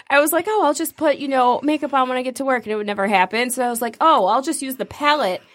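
A woman's voice: high-pitched, quick pace, fairly bright tone. A young woman co-hosting a podcast, casually retelling a night out with quoted dialogue and frequent laughter. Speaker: podcast co-host. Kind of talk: casual storytelling chat.

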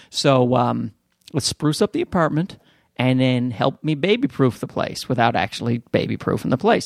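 A man hosting a podcast, telling a long story in a casual, profane rant and jumping into high-pitched voices when he quotes people. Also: vocal fry, dry recording, clean studio sound. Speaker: podcast host.

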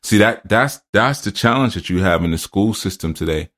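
A man's voice: lowish voice, expressive, normal speed, a bit bright. A man hosting a spiritual teaching podcast, drifting into loose personal stories and laughing at himself.

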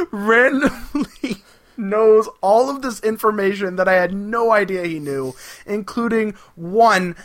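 A man co-hosting a casual podcast, recapping an episode with lots of laughter and acted-out quotes. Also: sits high. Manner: animated, laughing, acting out quotes. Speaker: podcast co-host.

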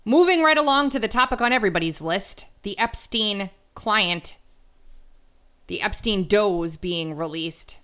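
Woman, podcast host, blunt, chatty, medium pitch. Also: expressive, fairly bright tone, clear, resonant tone. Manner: chatty and blunt, quick asides. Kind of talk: casual solo podcast commentary.

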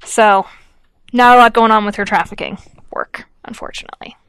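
A woman's voice: medium pitch, steady tone, normal speed, a bit bright, clean tone, no room sound. A woman co-hosting a podcast, telling a story in a chatty way with lots of fillers and acted-out quotes. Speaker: podcast co-host. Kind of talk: casual chat.

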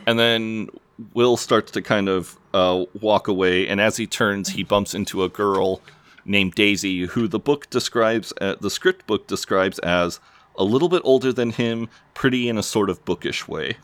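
A man co-hosts a podcast in a very deep voice, recapping a TV episode in loose, sweary chat full of fillers. The recording is close and dry with no room sound, and his tone stays offhand. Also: moderate pace, fairly bright tone, dry recording. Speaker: podcast co-host.

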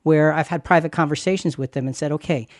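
A pastor who hosts a podcast talks earnestly and reassuringly about faith, repeating phrases for emphasis in a conversational Christian teaching style. His voice is a little high and quick, with clean, echo-free studio sound.

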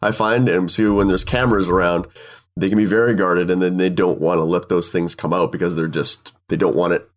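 Very deep-voiced man in casual chat. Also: fairly even intonation, fairly quick. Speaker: photographer. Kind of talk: casual podcast conversation.

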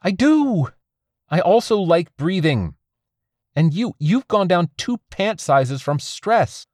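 A woman's voice: on the low side, very animated, takes it slowly, a little mellow, dry recording, studio quality, pitched above the performer's own voice, exaggerated voice. A man voicing an anxious, stubborn young woman who runs a freight train, talking in a tense, defensive, pleading way.

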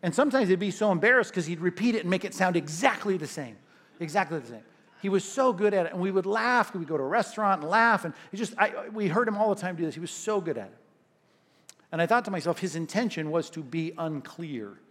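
A man preaching a sermon in an animated, conversational way, often checking in with "right?". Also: sits high, quick pace. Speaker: pastor.

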